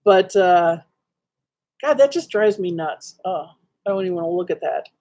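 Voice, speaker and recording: Sitting in a dimly lit room at home, a woman livestreams to her viewers through a webcam, telling a meandering story full of ums and likes. Her voice is warm and fairly low, expressive, and paced moderately.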